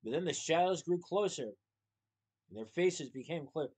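A man reading a children's novel aloud with steady, expressive narration. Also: a little high, normal speed, breathy edge, low-quality recording. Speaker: storybook reader.

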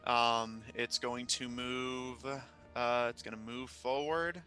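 A man running a tabletop game as game master, narrating scenes at a measured pace. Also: medium pitch, bright, forceful tone, soft background music. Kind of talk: running a tabletop game over a live stream.

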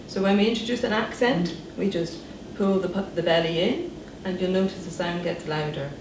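A woman with a British accent, a speech therapist calmly guiding listeners step by step through breathing and voice exercises. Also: fairly low pitch, normal speed. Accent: British English. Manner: calm, step-by-step instructions. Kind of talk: guided breathing exercise instruction. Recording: echoey room, voice from a distance, noise behind.

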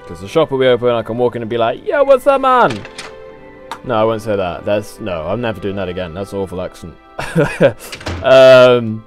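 Faint music plays behind a young man with a lowish, slightly mellow voice who talks fairly quickly. He's a gaming channel host doing relaxed let's play commentary, wandering off topic, cursing, and laughing at his own expense.

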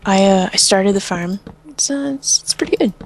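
A woman's voice: mid-range voice, normal speed, a little hiss or hum. A woman co-playing a game, chatting in an easygoing, playful way over a voice-call mic. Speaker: co-player. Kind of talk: casual gaming chat.

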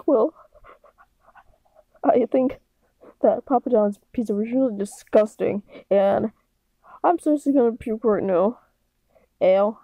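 High-pitched excitable woman, dry close mic. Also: takes it slowly, pauses often, dry recording, dull audio. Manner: excitable and dramatic, jumping between loud squeals and low mutters. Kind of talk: amateur reading of fan character lines.

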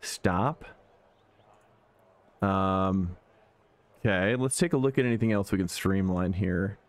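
A man's voice: deep voice, slow pace. A man streaming sim racing, chatting casually and thinking aloud as he talks to his viewers.

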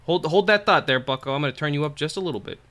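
A man's voice: on the high side, animated, racing, fairly bright tone, no echo. A man streaming live gameplay, chatting casually in a rambling, profane, jokey way and thanking viewers.

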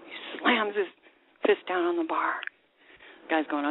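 A woman's voice: fairly low pitch, fairly quick, pauses often, breathy edge, dry recording. A woman co-hosting a casual call-in radio chat, telling a joke and laughing at herself. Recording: tinny phone-line sound.

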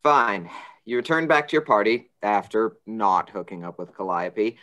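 A young man playing a goofy teenage boy running a game as dungeon master, excitable and exaggerated. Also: lowish voice, normal speed. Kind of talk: stage play acting.

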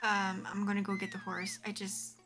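A woman's voice: medium pitch, monotone, normal speed, pushed and bright, faint music behind. A woman streamer chatting casually while she plays, giggly and rambling, full of "like" fillers. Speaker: game streamer. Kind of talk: casual live-stream chat while playing.

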